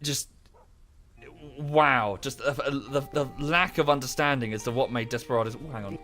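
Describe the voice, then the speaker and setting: A man's voice: mid-range voice, moderate pace, a bit bright. A man in his thirties streaming a game, talking casually and rambling into a rant, close to the microphone. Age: 30s. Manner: rambling, ranting. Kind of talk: casual live-stream chat.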